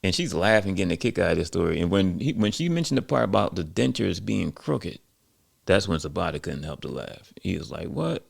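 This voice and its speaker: A man's voice: deep voice, animated, a little fast, gravelly. A man telling a story casually, with lots of conversational fillers.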